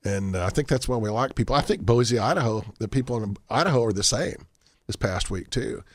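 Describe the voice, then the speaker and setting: A man's voice: medium pitch, brisk, dry recording. Folksy man, dry studio sound. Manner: rambling, folksy, restarts often. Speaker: guest. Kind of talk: radio talk show interview.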